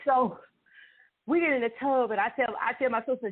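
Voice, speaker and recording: Animated woman on a tinny line. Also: fairly high pitch, brisk. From Dallas, Texas. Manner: animated, laughing often, dramatic exclamations. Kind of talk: casual storytelling. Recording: tinny phone-like sound.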